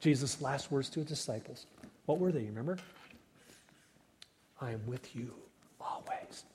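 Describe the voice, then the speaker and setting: A man preaching a sermon as pastor, rising to loud cries and falling to hushed whispers. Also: mid-range voice, animated, normal speed, a little hiss or hum. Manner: dynamic preaching, swells loud then drops to whispers. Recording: long hall reverb.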